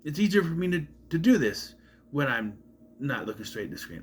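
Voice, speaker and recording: A man's voice: medium pitch, animated, brisk, a bit bright, slightly rough. A man casually reviewing a film to camera, rambling, restarting his sentences and swearing bluntly. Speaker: movie reviewer.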